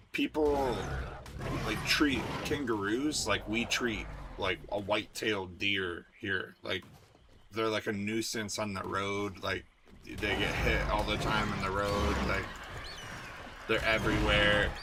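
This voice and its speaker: A man's voice: lowish voice, noisy background. A man chatting casually with his stream viewers, rambling and laid-back, with lots of filler words and swearing. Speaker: game streamer.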